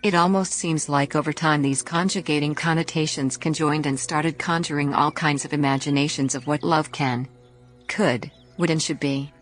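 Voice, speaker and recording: A woman's voice: deep voice, fairly even intonation, moderate pace. A woman delivering a scripted spoken essay, asking and answering her own rhetorical questions with playful alliterative wordplay. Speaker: podcast host. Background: faint music.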